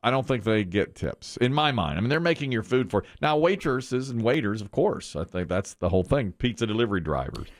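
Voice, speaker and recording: A man's voice: mid-range voice, big pitch swings, a little fast, few pauses, dry recording. A man hosting a talk show, chatting casually, telling stories and laughing often, recorded on a dry studio mic. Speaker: radio show host.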